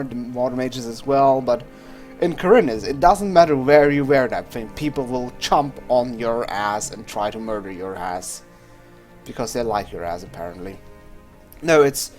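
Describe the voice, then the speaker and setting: A man's voice: medium pitch, darkish tone. Man, young adult, let's play host, casual rambling commentary, swears a lot, faint game music behind. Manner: rambling and chatty, swears freely, trails off and restarts.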